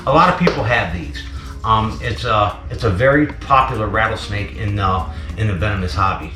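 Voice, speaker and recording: A man's voice: medium pitch, fairly bright tone, echoey room. Chatty man touring his snake room. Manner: chatty, rambling, frequent "um" and "let me tell you". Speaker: venomous snake keeper and channel host. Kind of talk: casual animal-room tour with commentary.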